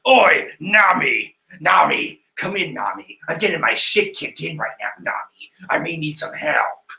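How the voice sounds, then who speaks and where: A man voicing a battered, determined young pirate captain from a comic, calling out in a low, strained voice. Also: very animated, normal speed, vocal fry, bright, forceful tone, exaggerated voice. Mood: urgent.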